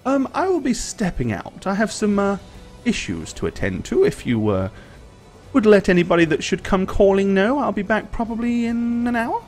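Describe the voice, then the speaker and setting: Man doing a smug, pompous noble, lifted pitch, mock-polite and condescending. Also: very animated, moderate pace, a little mellow, faint music behind. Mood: courteous, mocking. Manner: overly courteous, condescending. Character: pompous sarcastic male nobleman, formal.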